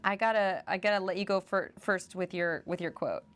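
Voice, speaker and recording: A woman's voice: medium pitch, fairly quick, fairly bright tone. A young woman co-hosting a podcast in casual chat, laughing often and acting out movie quotes. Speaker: podcast co-host.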